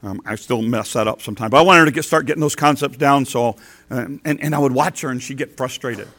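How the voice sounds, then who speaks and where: A man's voice: medium pitch, quick pace. An older man, a grandfather, preaching a folksy sermon, telling homely stories and acting out quotes. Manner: folksy storytelling, acts out quotes with big swings in loudness. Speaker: pastor.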